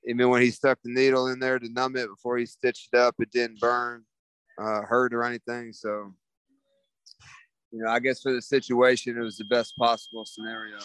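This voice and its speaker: A man's voice: mid-range voice, little pitch movement, moderate pace, a bit bright, smooth, no room sound, poor audio. A laid-back young man telling a story in a casual interview, rambling with lots of fillers. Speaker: guest, former football player.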